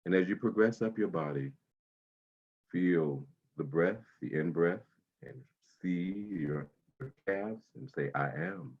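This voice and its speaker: A man leading a guided breathing meditation, speaking slowly and soothingly with long pauses. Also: low voice, animated, dull audio.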